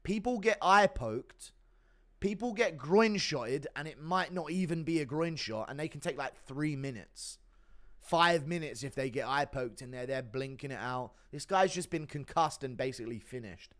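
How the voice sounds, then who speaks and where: An animated young streamer with a voice on the high side and a slightly bright sound talks at normal speed. He casually reads out donations and rambles, swearing heavily and being sarcastic.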